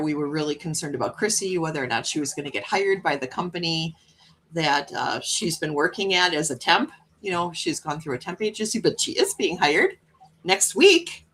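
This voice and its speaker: A woman hosting a casual livestream chat, reading viewer comments aloud and laughing often. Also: lowish voice. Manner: chatty, laughs often, animated cat voices. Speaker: livestream host.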